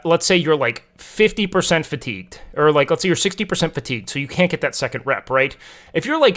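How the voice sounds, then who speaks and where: Chatty young male streamer, slightly high voice. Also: a bit bright. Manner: knowledgeable, rambling with many fillers and restarts. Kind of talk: casual chat answering viewers about lifting.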